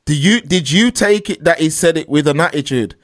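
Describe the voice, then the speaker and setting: Male streamer, high-pitched, animated reaction commentary. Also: a little fast. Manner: animated, talks to the chat. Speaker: stream host reacting to a clip.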